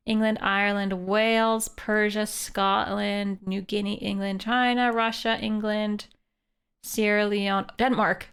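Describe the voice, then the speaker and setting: A woman's voice: medium pitch, a bit bright, smooth. A woman from Canada, a live streamer, thinking aloud and chatting as she plays a mystery game.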